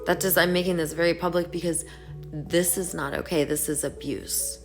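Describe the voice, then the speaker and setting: A woman talking to her viewers in a casual vlog, reading an email aloud slowly and then speaking in earnest affirmations. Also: lowish voice, fairly even intonation, music in the background. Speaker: online creator reading out an email.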